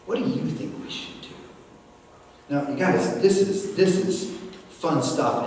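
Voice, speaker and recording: An older man giving a lively church workshop talk, acting out dialogue between a parent and child. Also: medium pitch. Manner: animated, acts out parent dialogue. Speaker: speaker. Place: church hall. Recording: echoey hall from far off, faint noise.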